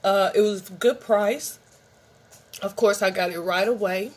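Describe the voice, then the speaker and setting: A woman's voice: medium pitch, unhurried. A middle-aged woman vlogger in a rambling, chatty show-and-tell, talking straight to her viewers. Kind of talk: casual show-and-tell vlog.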